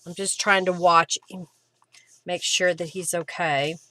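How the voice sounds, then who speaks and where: A woman's voice: fairly low pitch, steady tone, measured pace, bright, forceful tone. A middle-aged woman, chatting casually and answering viewer comments as she works on a craft live stream. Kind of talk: casual chat while crafting.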